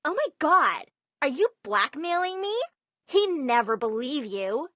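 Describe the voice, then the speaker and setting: A woman voicing a snotty teenage sister in an animated story, taunting and sneering. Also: sits high, unhurried, dry recording, pitched above the performer's own voice, exaggerated voice.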